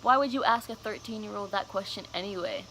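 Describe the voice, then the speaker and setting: A woman's voice: medium pitch, fairly quick, fairly bright tone, a little hiss or hum, poor audio. A young woman telling a personal story on her vlog, casual, candid and cursing freely. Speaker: vlogger.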